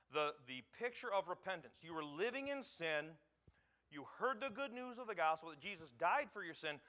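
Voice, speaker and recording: A pastor teaching a sermon, reading scripture aloud and pausing to quiz the congregation for answers. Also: male voice, a little high, pushed and bright. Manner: quizzes the congregation with pauses for answers.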